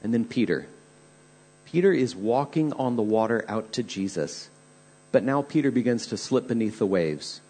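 Male pastor, husky, earnest storyteller preaching a sermon. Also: medium pitch, expressive, moderate pace, mellow.

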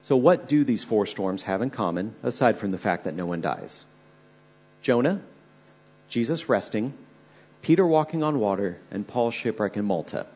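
Male pastor, husky, earnest storyteller preaching a sermon. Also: mid-range voice, darkish tone.

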